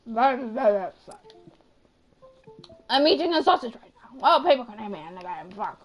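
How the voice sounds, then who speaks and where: A woman's voice: on the high side, big pitch swings, fast talker, soft background music. A young woman streaming a game, chatting to viewers in a hyper, playful way with mock wailing. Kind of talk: hyper casual live-stream chat.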